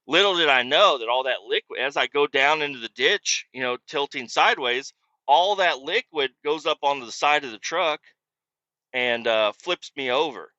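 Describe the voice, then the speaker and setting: Guy with a sharp bright voice, swearing a lot, laid back rambling storyteller, kinda lo-fi dull sound. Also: a little high, normal speed, dry recording. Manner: profane, rambling, self-mocking. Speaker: podcast host. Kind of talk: casual storytelling.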